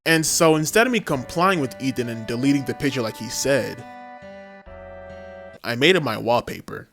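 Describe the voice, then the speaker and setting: A man's voice: medium pitch, lively intonation, normal speed, vocal fry, fairly bright tone. A young man narrating a comedic story from his school days in a casual, slangy, self-mocking way. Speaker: storytime vlogger. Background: music.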